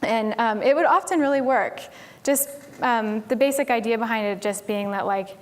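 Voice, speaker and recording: A woman from Tennessee, fairly high in pitch and moderately paced, gives an informal conference talk on stage. She chats freely and uses "like" and "um" a lot.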